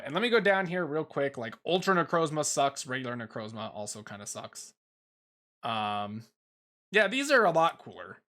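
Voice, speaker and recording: Bright-voiced young man rambling casually. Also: a little high. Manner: rambling, swears casually, frequent ums and uhs. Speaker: YouTuber ranking Pokemon. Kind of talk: casual commentary while making a tier list.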